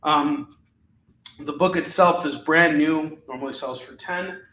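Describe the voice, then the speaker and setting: A man's voice: fairly high pitch, measured pace, bright, forceful tone, reverberant, rough recording. A man hosting a live shopping stream, casually rattling off comic books and their prices, with frequent fillers and restarts. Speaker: live shopping show host. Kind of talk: live comic sales pitch.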